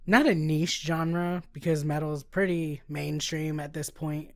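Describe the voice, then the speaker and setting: Woman podcast co-host, gravelly and husky, rambling, giggly, dry close mic. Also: deep voice, steady tone, unhurried, dry recording. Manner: laughs often, rambling with many "like" fillers. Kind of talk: casual chat, reading a plot summary.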